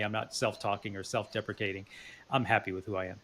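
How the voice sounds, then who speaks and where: A man's voice: fairly low pitch, level tone, quick pace, a bit bright. A man hosting a podcast interview, chatting earnestly and restarting his words often. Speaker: podcast host. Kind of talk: casual interview chat.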